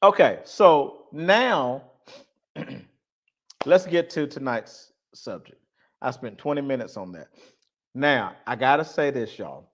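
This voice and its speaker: A man's voice: medium pitch, lively intonation, slow, long pauses. Blunt, laughing male commentator. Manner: blunt, swings between laughing and stern. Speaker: host. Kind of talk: casual commentary on a video clip.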